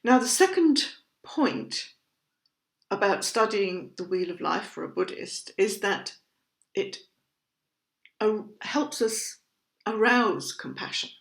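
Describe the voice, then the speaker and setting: A woman's voice: mid-range voice, sing-song, vocal fry. Thoughtful woman explaining in a roomy space. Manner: measured, thoughtful, explaining terms patiently. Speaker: Buddhism teacher. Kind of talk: explanatory educational talk. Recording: roomy echo.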